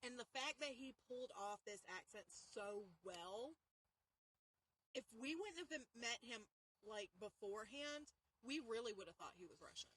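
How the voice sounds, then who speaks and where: Chatty southern woman, teasing, bright and kinda high voice. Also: expressive, moderate pace, rough recording. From Southern United States. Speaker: haunt reviewer co-host. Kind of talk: casual chat.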